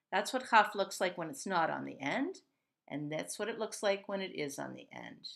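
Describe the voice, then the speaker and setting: A middle-aged woman guides a Hebrew reading lesson at a very unhurried pace. Her voice sits a little low, and she patiently breaks each word into syllables and repeats it. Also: vocal fry, fairly bright tone. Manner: patient, sounds out words syllable by syllable. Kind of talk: slow step-by-step reading lesson.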